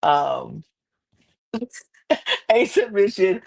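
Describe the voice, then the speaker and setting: A woman hosting a podcast, recapping a reality show in casual, animated chat. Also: sits low, normal speed, creaky. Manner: chatty, animated, quotes people in exaggerated voices.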